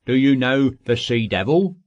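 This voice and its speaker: A man's voice: mid-range voice, lively intonation, moderate pace, darkish tone, no room sound, dull audio, lightly acted. A man voicing a blunt, desperate father. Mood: insistent. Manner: blunt, insistent.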